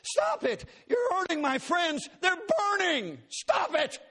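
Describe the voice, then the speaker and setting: A man's voice: big pitch swings, slow pace, exaggerated voice. A man preacher voicing a panicked teenage girl who screams and pleads in terror. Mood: frantic screaming. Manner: shrill frantic pleading shouts.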